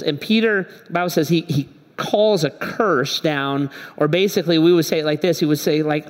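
A man's voice: a little high, normal speed, hardly any pauses. Pastor man with echoey hall sound. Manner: conversational storytelling, acts out dialogue. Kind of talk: sermon. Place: church hall.

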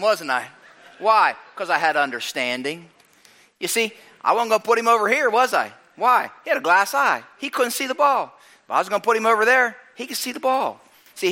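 A male pastor preaching a sermon in a church, telling stories with lively acted-out lines. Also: high voice. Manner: animated storytelling, acts out his own shouts.

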